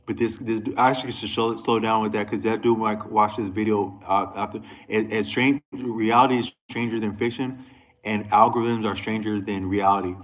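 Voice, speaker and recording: A man's voice: fairly low pitch, fairly even intonation, normal speed, fairly bright tone, low-quality recording. A man talking to camera in a loose, rambling monologue, restarting sentences and going off on asides. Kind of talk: casual monologue.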